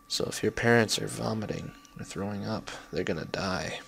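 A man's voice: on the low side, moderate pace, gravelly, hardly any pauses, a bit bright, a little hiss or hum. A young man commenting on his own gameplay, cursing at his mistakes and making sarcastic asides. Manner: swearing, frustrated outbursts and sarcastic asides. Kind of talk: let's play commentary.

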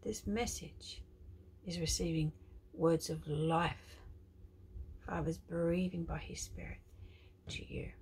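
A woman minister delivering a prophetic message in a hushed, tender, reverent way, often dropping to a whisper and lingering on her words. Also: fairly low pitch, steady tone, slow, slight background noise.

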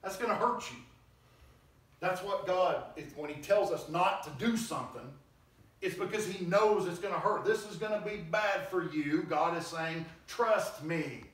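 Male preacher, emphatic and conversational, pitched a bit high, heard from a distance in a very echoey hall. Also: moderate pace. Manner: emphatic, conversational, acts out quoted voices. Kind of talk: sermon. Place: church hall. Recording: very echoey hall, distant mic, faint noise.

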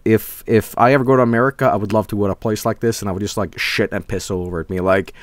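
A Swedish man, a native Swedish speaker from Sweden, streaming a game live with excitable, profane commentary and frequent laughter. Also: on the low side, very fast, no echo.

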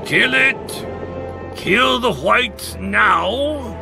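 A man reading a storybook aloud, voicing a harsh, demanding male High King who gives orders slowly in a raised voice over background music. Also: lively intonation, vocal fry, heavily acted. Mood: fierce. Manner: slow, commanding, raised voice.

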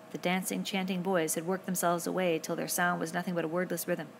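A woman narrating a novel in a steady, measured way, with a voice on the low side for a woman. A faint hiss sits beneath the reading. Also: vocal fry. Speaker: audiobook reader.

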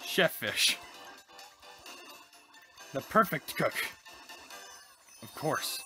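A woman plays through a game with casual, excitable commentary, gushing over every cute detail. Her pitch swings widely from low mutters to high squeals. Faint game music runs beneath her. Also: brisk. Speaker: gaming channel host. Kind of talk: casual let's-play commentary.

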